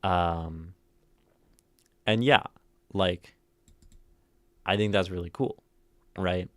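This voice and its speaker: A man with a very deep voice hosts a casual livestream, talking through poems as he thinks aloud. He drifts through plenty of ums and rereads lines with shifting inflection. The sound is close and dry, with no room around it. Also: very slow, a bit bright, no echo. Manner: musing, thinks aloud with many fillers. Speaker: livestream host analyzing poetry.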